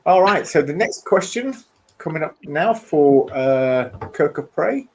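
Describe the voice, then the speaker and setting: A man's voice: a little high, lively intonation, unhurried, poor audio. A man hosting a casual online quiz, reading out the rules and questions with joking asides. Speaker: quiz host.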